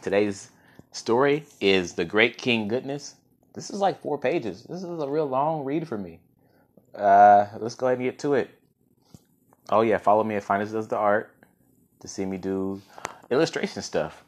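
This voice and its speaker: Man, low voice, casual story reading, podcast host, self-correcting stumbles. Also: normal speed.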